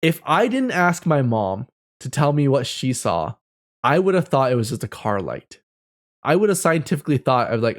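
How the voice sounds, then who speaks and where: Male, 30s, host recounting a childhood ghost story; expressive, chatty, rambling delivery. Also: mid-range voice, moderate pace. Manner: animated storytelling with frequent laughter and fillers. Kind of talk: telling a personal ghost story.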